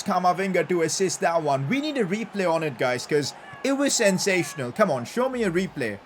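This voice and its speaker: A young man commentates his football video game career as it plays, his voice sitting a little high. He swings from chatty analysis into excitable cheers whenever a goal goes in. A faint hum of noise sits behind him. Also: a little fast, few pauses. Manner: excitable, bursts into loud cheers at goals. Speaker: gaming YouTuber.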